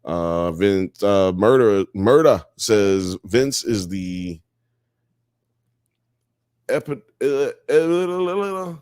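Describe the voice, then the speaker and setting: A man's voice: on the low side, lively intonation, very slow, pauses often, a little mellow, dry recording, clean studio sound. A man hosting a live show, reading chat comments and joking around in a loose, profane, casual way.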